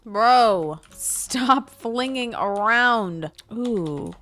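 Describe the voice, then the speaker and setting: A woman's voice: fairly high pitch, lively intonation, extremely slow, a bit bright. A young woman giving casual commentary while she builds a house in a life-sim game, thinking aloud in a chatty, playful way. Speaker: Sims building creator.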